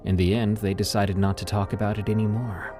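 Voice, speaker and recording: A man reading a first-person horror story in a measured, ominous way. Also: lowish voice, little pitch movement, a little mellow, faint music behind.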